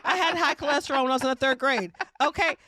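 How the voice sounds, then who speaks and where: A woman comedian chatting as a podcast guest, brash and riffing with rapid jokes. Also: high voice, pushed and bright, no echo. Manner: brash, joking riffs, rapid bits. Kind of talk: casual interview chat.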